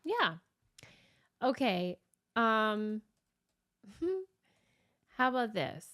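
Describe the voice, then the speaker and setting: A woman's voice: fairly high pitch, big pitch swings, drawn-out words, a bit bright. A woman co-hosting a podcast, telling a story in casual chat with wry asides. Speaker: podcast co-host.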